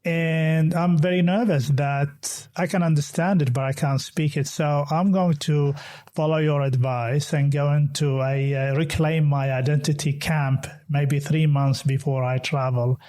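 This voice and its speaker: A man's voice: fairly high pitch, fairly even intonation, a little slow, mellow. A man from an Arabic-speaking country hosting a podcast, talking hesitantly and repeating words as he goes. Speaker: podcast host. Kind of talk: conversational interview.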